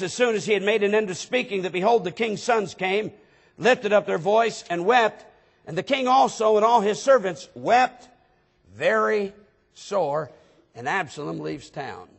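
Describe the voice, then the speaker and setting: Pastor, male, high voice with gravel and a husky edge; preaches, reads scripture, pushes to near-shouts. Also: lively intonation, normal speed. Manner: reads scripture aloud in King James wording. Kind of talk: sermon.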